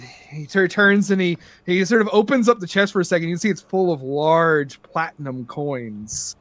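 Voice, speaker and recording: A man's voice: high-pitched, normal speed, hardly any pauses, a bit bright, dry recording. A man from New Zealand narrating a tabletop game as game master, rambling with many fillers.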